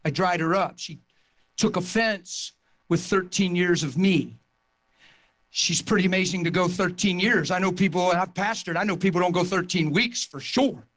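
Male pastor, sermon testimony, high-pitched, passionate storytelling, building to shouts. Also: moderate pace. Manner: impassioned storytelling, rising to near-shouting.

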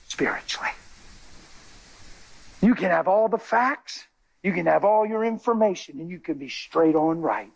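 A man giving an emotional spoken testimony to a church, impassioned and emphatic, his voice swinging from high cries to low murmurs. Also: slight background noise, low-quality recording.

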